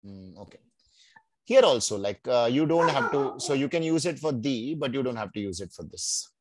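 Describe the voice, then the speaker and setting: A man teaching a beginners' German class. He explains patiently, drills words slowly and keeps checking in with his students. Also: medium pitch, lively intonation, no echo, rough recording. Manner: patient, checks in often with "right?" and "no?"; drills pronunciation slowly, word by word. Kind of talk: live online language class.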